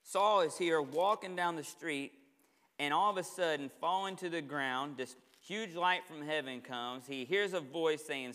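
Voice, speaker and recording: A man preaching from the pulpit with a bright, slightly high voice. He tells the story with energy and plays out the dialogue himself. His words ring out in the long reverb of a big church hall. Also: measured pace. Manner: animated storytelling, acts out dialogue. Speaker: pastor. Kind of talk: sermon. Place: church sanctuary.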